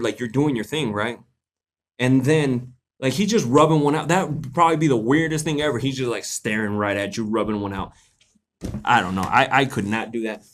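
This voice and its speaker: A young man hosting a live question-and-answer stream, chatting casually in a laid-back, joking, slangy way and laughing often. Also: medium pitch. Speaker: livestream host answering viewer questions.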